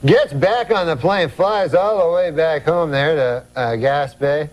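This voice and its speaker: A man guest on a talk show telling a long joke in a halting, deadpan way, chuckling at his own lines. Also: a little high.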